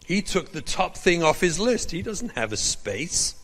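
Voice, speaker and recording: Rabbi guy teaching, bright voice, swings his pitch around a lot, acts out the conversations, big echoey hall. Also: unhurried. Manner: animated, acts out dialogue from his stories. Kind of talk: lecture with storytelling.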